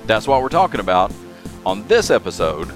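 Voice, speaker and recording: A man's voice: lowish voice, big pitch swings, normal speed, over loud music. Emphatic man hosting a motivational podcast. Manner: earnest, emphatic, repeats key phrases. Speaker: podcast host. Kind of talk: motivational solo podcast talk.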